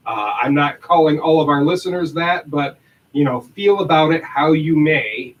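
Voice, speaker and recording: A man's voice: on the high side, animated, normal speed, far from the mic, dull audio. Upbeat man, slightly off-mic. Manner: upbeat promo read, then laughing loose banter. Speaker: podcast co-host. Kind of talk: reading an announcement, then casual chat.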